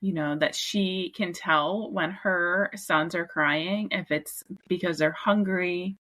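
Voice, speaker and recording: A woman in her thirties speaks as a podcast guest in a bright, somewhat lower voice. She talks easily and conversationally, filling gaps with "like" and "you know". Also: slow pace. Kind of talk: casual podcast chat.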